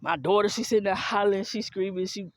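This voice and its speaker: A woman's voice: medium pitch, fast talker, no room sound. A woman telling a personal story in a casual monologue, blunt, heated and profane, with an African American Vernacular English accent and speaking straight to her listeners. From US South and Philadelphia.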